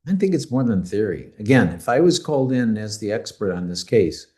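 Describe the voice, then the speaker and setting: Man podcast co-host, expert commentator, opinionated, mellow voice. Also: lowish voice, sing-song, a little fast. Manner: opinionated, explanatory, confident in his views. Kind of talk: casual podcast discussion.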